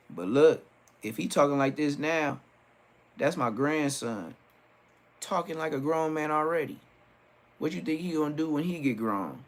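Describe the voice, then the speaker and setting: A man's voice: medium pitch, animated, normal speed. A middle-aged man, telling joking stories on a livestream and acting out quotes. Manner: joking, storytelling with acted-out quotes. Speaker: livestream host. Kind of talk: casual livestream rant.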